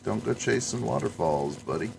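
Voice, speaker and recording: A man's voice: lowish voice, expressive, normal speed, gravelly, noisy background. A man hosting a podcast, rambling and joking in casual chat. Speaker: podcast host.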